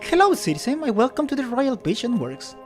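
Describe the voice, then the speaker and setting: A man's voice: extremely high pitch, big pitch swings, a little fast, faint music behind, voice pushed up. A man voicing a rehearsed, bureaucratic female receptionist who trills in a sing-song way while he reads game dialogue aloud. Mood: chirpy.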